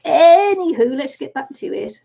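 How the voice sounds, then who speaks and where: Woman, craft stream host, casual chatty, laughs a lot, raspy fry, muffled lo-fi sound. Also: high-pitched, very animated, unhurried, dark tone. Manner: chatty, laughs often while reading viewer comments. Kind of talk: casual chat while crafting. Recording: dull lo-fi stream audio.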